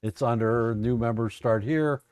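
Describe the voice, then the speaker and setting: A man's voice: medium pitch, unhurried, darkish tone, clean tone, no echo, studio quality. A man hosting a casual trading stream, joking and teasing his viewers. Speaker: trading coach host. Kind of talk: casual live-stream chat.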